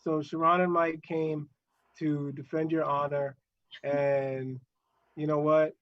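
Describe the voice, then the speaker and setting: A man's voice: a little high, level tone, slow, lo-fi sound. A man hosting a live online show, chatting casually and hesitantly, often restarting his sentences. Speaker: show host.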